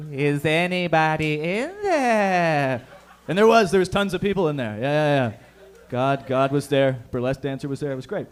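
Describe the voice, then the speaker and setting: Man, high voice, stand-up host, crude crowd banter, bar stage mic. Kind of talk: live stand-up with crowd work.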